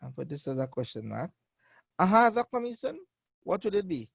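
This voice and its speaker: A male teacher with a mid-range voice gives a beginner lesson in a dry, close-sounding space. He talks patiently and repeats each phrase slowly so his learners can follow. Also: mid-range voice, animated, gravelly, a little mellow, husky, no room sound, lo-fi sound. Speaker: Arabic teacher. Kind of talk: online beginner language lesson.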